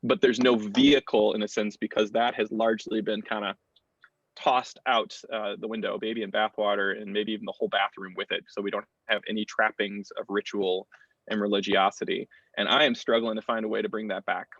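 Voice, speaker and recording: An American clergyman in his thirties speaking thoughtfully on a panel, with frequent pauses and restarts. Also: lowish voice, level tone, a bit bright, dry recording. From United States. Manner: reflective, thoughtful, many fillers and restarts. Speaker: clergyman and campus chaplain. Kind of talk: panel discussion talk. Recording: dull lo-fi dry sound.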